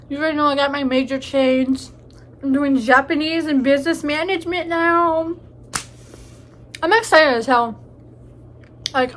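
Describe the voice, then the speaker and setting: A woman's voice: high voice, fairly bright tone, slight background noise. A young woman in a casual eating vlog, joking and crude, chatting between bites with a stuffy nose from allergies. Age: young adult. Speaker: vlogger. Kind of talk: casual mukbang chat.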